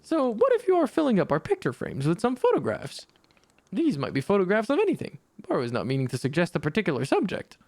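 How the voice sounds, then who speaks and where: Brief: a streamer plays a kindly old shop worker with quaint formal speech and swooping pitch, over soft music. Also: huge pitch swings, fast, dry recording. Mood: musing. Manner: formal, odd phrasing, refers to himself by name. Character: gentle old male tea-shop worker. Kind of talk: voicing game dialogue while streaming.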